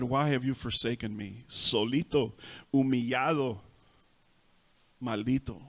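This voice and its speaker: A male pastor with a Texas Spanish accent, preaching a sermon and repeating each point in Spanish and then in English, swelling loud on emphasis. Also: medium pitch, steady tone, moderate pace. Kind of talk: bilingual sermon. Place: church sanctuary.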